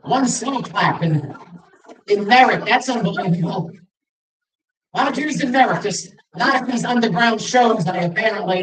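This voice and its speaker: A man's voice: high voice, normal speed, a bit bright, slight background noise. A middle-aged man from Long Island, doing a stand-up set with self-deprecating stories and acted-out dialogue. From Long Island, New York. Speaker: stand-up comedian. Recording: roomy venue, mic from a distance.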